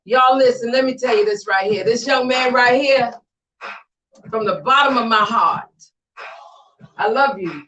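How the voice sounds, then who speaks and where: High-pitched lady host, exclamatory, echoey room, sounds far from the mic. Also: normal speed, bright, forceful tone, highs cut off. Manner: emphatic, exclamatory, often raises voice. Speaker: podcast host. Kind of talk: casual talk show chat. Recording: roomy sound, away from mic.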